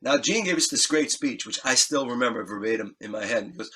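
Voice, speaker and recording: A man being interviewed as a musician, telling an animated, excitable anecdote, acting out scenes and swearing freely. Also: medium pitch, quick pace, slightly rough. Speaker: guest musician.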